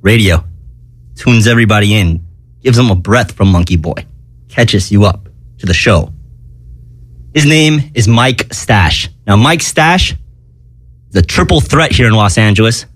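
A man hosting a comedic radio-style podcast, hyper and rambling, breaking into high sung jingles. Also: unhurried, pauses often, fairly bright tone, no room sound. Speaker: podcast host.

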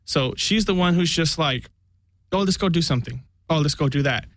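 A man's voice: on the high side, a little fast, no room sound. A young man chatting as a podcast guest, telling a long rambling story and acting out what people said. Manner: rambling storyteller, acts out quotes. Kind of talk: casual chat.

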